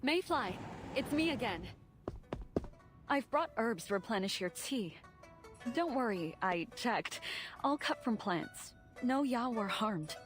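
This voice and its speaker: A woman voicing a stern female sect grandmaster in a game, speaking in a measured, grave way. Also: fairly high pitch, lively intonation, music in the background. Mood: reassuring. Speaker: game character. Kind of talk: game voice acting.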